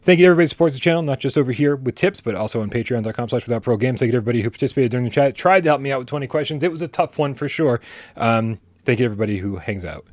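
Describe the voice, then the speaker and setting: A man co-hosting a live gaming stream, thanking viewers in a relaxed, rambling way. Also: medium pitch, no room sound. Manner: relaxed, rambling, lots of fillers. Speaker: podcast co-host. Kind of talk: casual live-stream sign-off.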